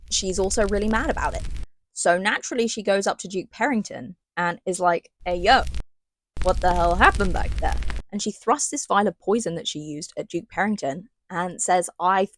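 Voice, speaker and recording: A young woman giving an animated, sarcastic and rambling book recap in casual chat. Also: mid-range voice. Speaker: book reviewer.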